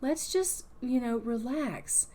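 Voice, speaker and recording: A woman's voice: a little high, lively intonation, slow pace, warm tone, a little hiss or hum. A woman voicing a flirtatious, possessive female vampire who coaxes in a sweet, honeyed way. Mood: coaxing. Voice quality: sweet, coaxing, calls everyone honey.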